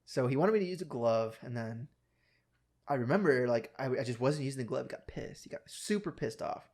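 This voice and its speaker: Profane, animated young podcast man. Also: mid-range voice, fairly quick. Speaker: podcast co-host. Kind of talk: casual chat.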